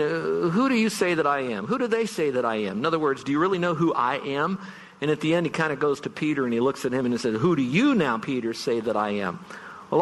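A man's voice: medium pitch, fairly bright tone, in a large hall. A man preaching a farewell sermon as pastor, earnest and emphatic, stretching out key words for stress. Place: church sanctuary.

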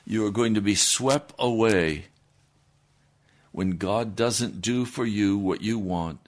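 A man preaching a sermon, swinging between loud declarations and hushed, low passages. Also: slow pace.

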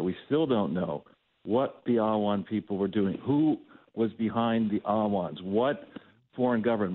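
A man calling in as a talk radio guest, talking in a roundabout way with frequent fillers. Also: on the low side. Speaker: phone-in guest. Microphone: telephone. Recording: tinny phone line.

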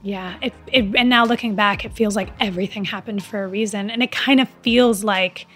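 A young adult actress with an unusual voice, chatting casually in an interview, rambling with lots of "like" fillers and restarts. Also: female voice, mid-range voice, steady tone, fairly quick, a bit bright, faint music behind. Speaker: actress guest.

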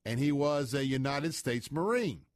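A man's voice: mid-range voice, expressive, moderate pace, no room sound, clean studio sound. A middle-aged man hosting a talk radio show, rambling in a folksy manner with many filler sounds.

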